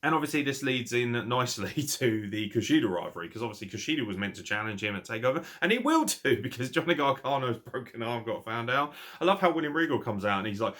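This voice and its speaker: An English man reviewing a wrestling show in casual talk, ranting and swearing freely, animated and quick to laugh. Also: medium pitch. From England.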